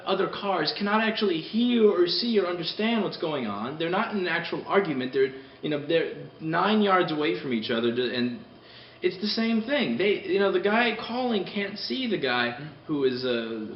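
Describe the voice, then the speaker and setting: A man casually ranting on a vlog, animated, rambling and profane, heard from a distance. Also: a little high, a little hiss or hum. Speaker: repair shop owner vlogging. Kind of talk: casual spoken rant. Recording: distant mic in a roomy space, dull sound.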